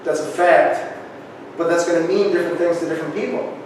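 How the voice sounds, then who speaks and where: High-voiced man presenting in echoey hall. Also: a little fast, slight background noise. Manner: energetic, keeps asking "right?". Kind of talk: motivational workshop talk. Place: large echoey room. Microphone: camera far from speaker. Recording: echoey hall, distant camera.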